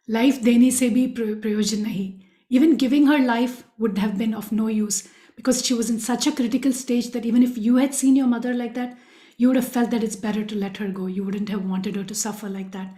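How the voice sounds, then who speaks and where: A woman's voice: on the high side, fairly even intonation, brisk, dark tone. A woman giving an earnest devotional storytelling talk, speaking directly to her listeners. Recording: echoey room.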